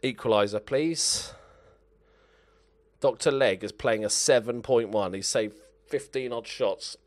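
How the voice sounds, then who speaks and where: A man's voice: mid-range voice, unhurried. A young man playing a football management game, muttering to himself and swearing at his players as he comments. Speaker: gaming channel host.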